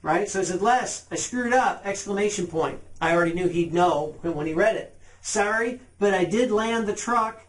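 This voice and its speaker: A man's voice: high-pitched, normal speed. A man teaching car sales by texting, talking casually and reading short sample messages aloud with emphasis. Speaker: sales trainer. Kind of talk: sales training talk.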